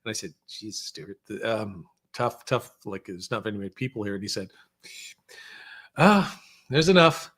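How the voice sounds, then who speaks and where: A man in a podcast studio telling animated, humorous stories as a guest, sometimes slipping into voices for quotes. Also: lowish voice, fairly quick, few pauses, husky. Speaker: podcast guest, former researcher and filmmaker. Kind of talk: casual storytelling chat.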